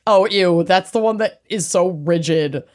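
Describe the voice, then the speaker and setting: A woman's voice: fairly low pitch, measured pace, darkish tone. A woman co-hosting a true crime podcast in casual chat, with dry, blunt reactions. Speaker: podcast co-host.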